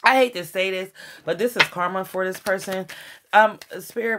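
A woman giving a casual tarot reading to her viewers, excitable and swearing often as she talks to them directly. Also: mid-range voice, normal speed, noisy background. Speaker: tarot reader.

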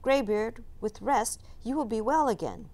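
A woman's voice: fairly high pitch, lively intonation, measured pace, darkish tone, pitched above the performer's own voice. A woman voicing a determined young cave boy in a storybook read-aloud, speaking in an urgent, pleading way.

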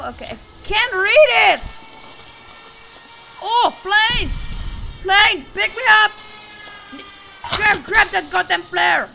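Jumpy high-voiced woman playing a horror game. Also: very animated, slow, creaky, long pauses. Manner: jumpy, swears a lot, yells at enemies. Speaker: gameplay streamer. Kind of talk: horror game let's play commentary. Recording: loud game music behind the voice.

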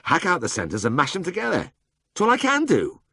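A man's voice: on the high side, wildly swooping pitch, brisk, creaky, a bit bright, husky, dry recording, studio quality, pitched above the performer's own voice, heavily acted. A man voicing a breezy, sheepish young man in an audiobook. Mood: stricken. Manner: light, sheepish.

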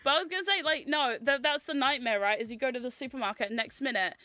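A young woman from the United States hosting a casual livestream chat, giggly and excitable, reading comments aloud. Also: high voice, quick pace. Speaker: livestream host.

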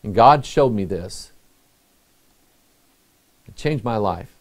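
Man, middle-aged, pastor, sermon, earnest, conversational, lowish voice. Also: expressive. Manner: earnest, conversational preaching with pauses.

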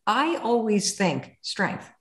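An American woman in her fifties hosts a candid podcast chat. She tells stories with lively, animated energy and does not hold back on swearing. Her voice sits at a middle pitch and carries a roomy echo. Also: slow pace. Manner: animated storytelling, swearing, acts out inner voices. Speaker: podcast host. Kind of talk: candid conversational interview.

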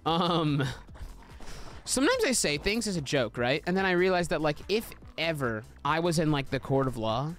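A young man chats through a game livestream from a small room at home, joking, swearing and jumping into excited yelps. His voice sits a little high and swings widely in pitch. Faint music plays underneath. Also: normal speed. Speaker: game streamer. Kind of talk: casual livestream chatter while playing.

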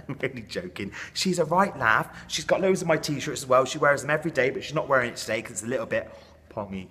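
A man's voice: medium pitch, lively intonation, fast talker, sharp tone, slight background noise. A man chatting in character in a comic vlog, with camp, self-promoting showbiz patter, out of breath after dancing in a dance hall. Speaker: comedy character vlogger.

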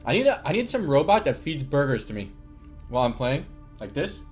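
A man's voice: mid-range voice, sing-song, fairly quick, a little mellow, faint music behind. A young adult man streaming from home, talking in a casual, crude and rambling way while he plays. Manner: crude, rambling, profane banter. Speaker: live streamer.

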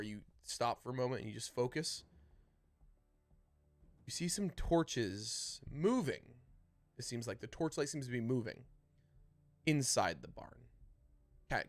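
A man runs a tabletop game as dungeon master, painting each scene aloud with lively jumps in loudness. His mid-pitched voice sounds dry and close to the mic. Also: creaky, no echo. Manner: descriptive, lively swings in loudness.

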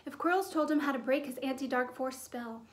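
A woman's voice: high-pitched, brisk, roomy sound, natural voice. A woman reading as an eager young schoolboy.

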